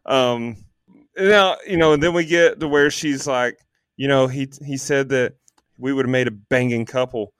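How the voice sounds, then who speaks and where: A man co-hosting a podcast, chatting casually about a movie, animated, swearing freely and filling gaps with ums. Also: medium pitch, normal speed, smooth, no echo, studio quality. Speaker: podcast co-host. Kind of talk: casual movie review chat.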